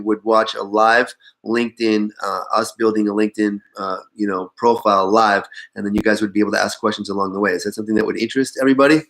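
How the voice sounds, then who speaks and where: A man's voice: fairly low pitch, fairly bright tone. A man hosting a business webinar, talking casually with lots of fillers and restarts in an upbeat way. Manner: halting, filler-heavy, upbeat. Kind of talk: casual online meeting talk.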